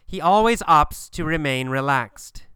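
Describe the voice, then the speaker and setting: A man teaching an English pronunciation lesson, asking and answering his own questions deliberately. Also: on the high side, animated, sharp tone, smooth, dry recording, studio quality. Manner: slow, deliberate, repetitive questioning.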